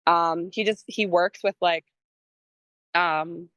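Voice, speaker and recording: A woman's voice: fairly low pitch, fairly even intonation, takes it slowly, a bit bright, dry recording. A woman from Michigan, a musician as podcast guest, chatting casually and rambling with many fillers. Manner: rambling storytelling with lots of fillers and laughter; acts out quoted lines in a raised voice. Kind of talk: casual interview chat.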